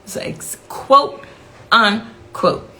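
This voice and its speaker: A woman's voice: fairly high pitch, lively intonation, slow, bright, forceful tone, slight background noise, low-quality recording. A woman, a grieving mother, giving a blunt and impassioned interview account, repeating herself for emphasis. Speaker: victim's mother telling her story.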